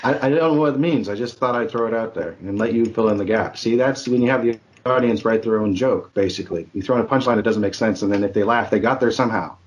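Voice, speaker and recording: A man's voice: lowish voice, fast, few pauses, dull audio. A man co-hosting a comedy podcast, with dry, self-deprecating humor. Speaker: podcast co-host.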